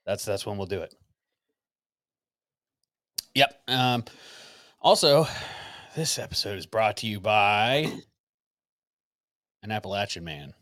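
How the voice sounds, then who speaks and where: A man's voice: fairly low pitch, lively intonation, takes it slowly, long pauses, fairly bright tone, dry recording, studio quality. A man co-hosting a podcast in casual, rambling chat with fillers and chuckles. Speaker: podcast co-host.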